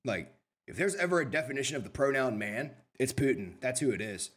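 Young male podcast co-host, husky and lively, crude and rambling. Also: mid-range voice, fairly quick. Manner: crude, animated storytelling with heavy swearing. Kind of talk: casual chat.

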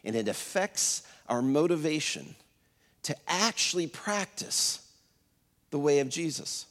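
A man in his fifties delivers a sermon in a church auditorium, with a fairly high voice for a man. He talks conversationally, tells stories, and often restarts his sentences. His voice carries a long reverb from the hall. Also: lively intonation, measured pace, fairly bright tone. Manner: conversational, storytelling with many fillers and restarts. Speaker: pastor.

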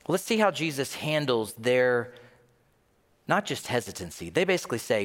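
A man preaching a sermon in a conversational, animated way, often acting out bits of dialogue. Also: a little high, unhurried. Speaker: pastor. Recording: long reverb of a large hall.

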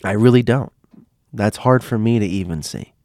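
A man's voice: on the low side, moderate pace, darkish tone, no echo, studio quality. A man telling stories in a loose, casual way, often repeating himself and restarting phrases. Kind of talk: casual spoken storytelling.

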